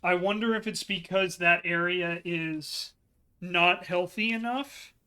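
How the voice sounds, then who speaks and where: A man's voice: sits high, takes it slowly, sharp tone, clear, resonant tone. A man hosting a let's play video, commenting as he plays and sighing and lamenting his setbacks with repeated dismay. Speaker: gaming video host.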